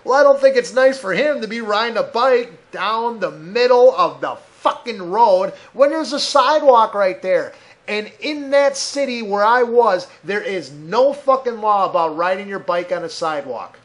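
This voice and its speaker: Guy with a pretty high voice swearing his way through a podcast rant. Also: lively intonation, normal speed. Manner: profane, heated ranting with frequent swearing. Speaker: podcast host. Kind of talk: ranting podcast monologue.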